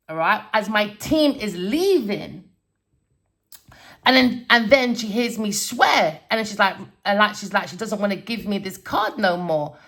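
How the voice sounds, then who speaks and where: Gravelly, fervent woman preaching. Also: medium pitch. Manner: preachy, swears and shouts warnings. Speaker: tarot reader. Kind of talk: spiritual monologue vlog.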